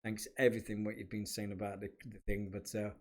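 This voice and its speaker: A man's voice: fairly low pitch, little pitch movement, fast talker. A man hosting a podcast, reminiscing in a rambling, chatty way. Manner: rambling, chatty, with many restarts. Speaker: podcast host and former kit man. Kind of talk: casual reminiscing monologue.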